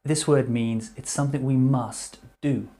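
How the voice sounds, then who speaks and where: A man giving a slow, careful English vocabulary lesson. He speaks at an unhurried, measured pace and repeats each word before explaining it in plain terms, with a mid-range voice. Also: medium pitch, steady tone, warm tone. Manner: repeats words slowly and clearly, explaining meanings. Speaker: English teacher.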